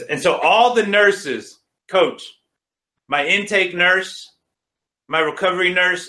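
A man's voice: on the high side, pushed and bright, echoey room. A man sharing a personal faith testimony, emphatic and retelling conversations line by line. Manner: emphatic, retells dialogue with many "she says".

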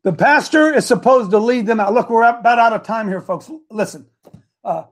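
A man hosting a live show, preaching through a Bible passage in a lively, slangy way and acting out the scripture in casual street talk. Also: very high voice, normal speed. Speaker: host and preacher.

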